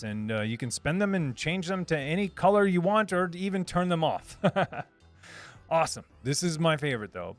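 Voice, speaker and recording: A man's voice: a little high, no room sound. A man hosting a live stream, reading chat messages aloud in a casual, upbeat way, repeating himself with lots of fillers and restarts. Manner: upbeat, repeats words, many fillers and restarts, laughs often. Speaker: livestream host reading chat.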